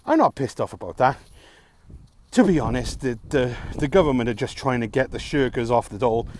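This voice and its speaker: A vlogger talks alone to the camera in a frustrated, sarcastic rant, swearing often. His mid-range voice is expressive, slightly fast, and darkish in tone, with a little background noise.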